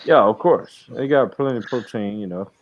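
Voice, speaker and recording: A man's voice: medium pitch, normal speed, muffled recording. A man chatting in a casual livestream, easygoing and friendly.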